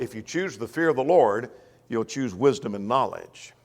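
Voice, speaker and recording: A man's voice: medium pitch, lively intonation, moderate pace. Folksy man teaching in reverberant church. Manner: folksy, checks in with the class. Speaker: Bible class teacher. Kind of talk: Sunday Bible class teaching.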